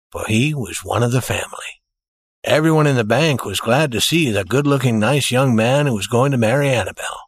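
A man reading a story aloud in a steady, expressive narrating style. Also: mid-range voice, dry recording, clean studio sound.

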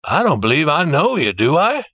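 A big lawman, quiet and low-key, speaking kindly, as a male storyteller puts him on. The sound is dry and close to the mic. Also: sing-song, moderate pace, dry recording, exaggerated voice.

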